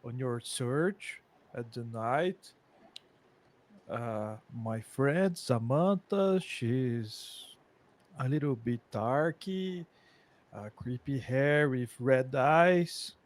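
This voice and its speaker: A man with a Brazilian Portuguese accent playing a tabletop game, speaking haltingly as he searches for English words. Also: medium pitch, lively intonation. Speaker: player.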